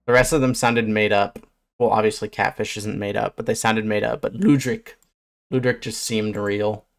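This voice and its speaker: A man's voice: lowish voice, fairly even intonation, moderate pace, vocal fry. A man, a fish biologist streamer, giving casual reaction commentary, blunt and swearing, bursting into surprised questions.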